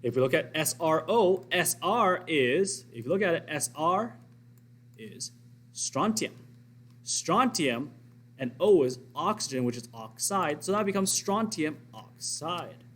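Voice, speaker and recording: A man's voice: a little high, animated, a little slow, a bit bright. A man teaching a recorded science lesson, explaining step by step and asking and answering his own questions.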